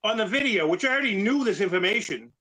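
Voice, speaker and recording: A man with a rather high voice talks in loose, rambling casual chat. He often stumbles and restarts his sentences and swears now and then. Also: lively intonation, fast, sharp tone, rough recording. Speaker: podcast co-host.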